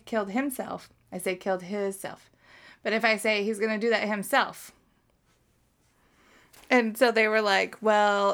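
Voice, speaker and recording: A woman's voice: mid-range voice, gravelly, a bit bright. A young adult woman co-hosting a podcast, telling stories casually with swearing and laughter. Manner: storytelling, profane and laughing. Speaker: podcast co-host. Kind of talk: casual chat.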